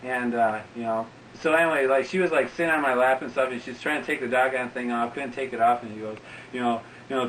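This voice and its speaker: A man's voice: mid-range voice, fairly even intonation, quick pace. A man in his forties telling a casual story in a rambling way, full of fillers and asides. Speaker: interviewee. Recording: distant mic with faint background noise.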